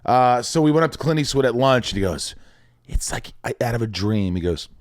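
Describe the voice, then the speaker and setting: A man's voice: medium pitch, a little fast, no room sound, studio quality. A man in his forties, raised in the Midwest, telling show-business stories in a casual chat and acting out other people's lines. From Indiana, US Midwest. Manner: animated storyteller, acts out quotes of others. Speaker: podcast guest, actor.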